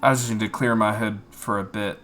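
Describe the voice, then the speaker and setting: A man voicing a scruffy young man just back home, hesitant and oddly calm. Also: on the low side, brisk, faint music behind, lightly acted. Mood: uneasy.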